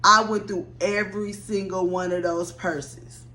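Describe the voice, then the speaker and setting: A young adult woman telling a casual story time, blunt and animated, swearing freely and talking straight to her viewers. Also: medium pitch, a little slow.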